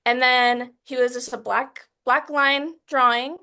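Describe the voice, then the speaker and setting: Earnest, halting woman telling her story. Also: high-pitched, steady tone, pushed and bright, clean tone. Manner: earnest, halting, many restarts and fillers; gets emotional while recounting. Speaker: interview guest. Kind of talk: emotional personal interview.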